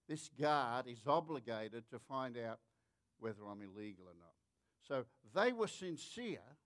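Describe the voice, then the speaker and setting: An Australian man delivers a forceful sermon in a voice sitting a little above the usual male range. He builds his points through lists and rhetorical questions to the congregation. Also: on the high side. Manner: emphatic, rhetorical, repeats "how many of you know". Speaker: preacher.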